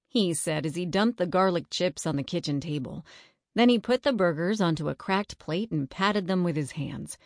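A woman narrating a children's story in a steady reading voice. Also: lowish voice, normal speed, dry recording, clean studio sound.

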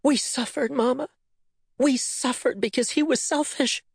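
An audiobook voice of a young woman, frightened and furious by turns, as a male narrator puts her on. Her voice sits high and breathy, with a dry close sound. She pleads and insists with raw emotion. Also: unhurried, dry recording, full character voice. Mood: bitter. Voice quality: hoarse murmur. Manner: raised pitch, emotional and insistent. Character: young woman, frightened, angry, bitter daughter. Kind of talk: audiobook character voice.

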